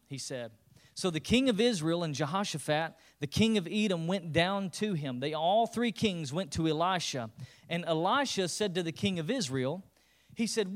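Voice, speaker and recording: A man with a fairly high voice preaching as the pastor of his church. He tells the scripture story with loose, joking asides and jumps into quick character voices. The delivery is casual and animated. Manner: lively, humorous storytelling with playful character voices. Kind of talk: sermon.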